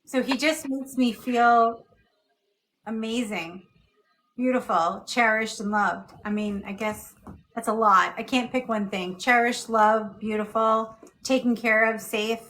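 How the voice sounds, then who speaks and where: A woman guest in casual chat, speaking in a slightly high voice. She gushes, stringing adjectives together in an affectionate flow. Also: measured pace, fairly bright tone, low-quality recording. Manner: gushing, affectionate, piles up adjectives.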